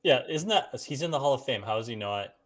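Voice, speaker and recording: A man's voice: medium pitch, animated, fast talker, fairly bright tone, a little hiss or hum. A man co-hosting a casual sports talk show, laid-back with dry asides. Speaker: podcast co-host.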